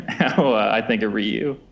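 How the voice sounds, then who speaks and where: A man's voice: lowish voice, a little slow, vocal fry, fairly bright tone. A man co-hosting a podcast, chatty and wry as he pokes fun at a movie. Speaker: podcast co-host. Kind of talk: casual movie-riffing chat. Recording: slightly dull lo-fi mic.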